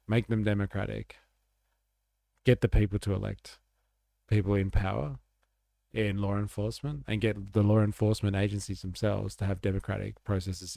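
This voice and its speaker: A man's voice: on the low side, creaky, warm tone, no room sound, clean studio sound. A man giving casual, sarcastic political commentary on a livestream, rambling and reacting to clips. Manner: live-translates German clips.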